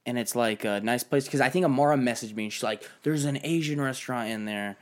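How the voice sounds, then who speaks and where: A young man hosting a podcast, chatting casually and excitedly, swearing a lot and mimicking other people. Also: mid-range voice, fast talker. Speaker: podcast host. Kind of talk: casual chat.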